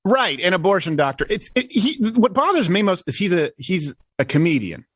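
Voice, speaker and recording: A man's voice: sits high, very animated, normal speed, a bit bright, breathy edge, no echo. A Canadian-raised man chatting as a guest commentator, sarcastic and full of restless restarts. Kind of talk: casual political chat.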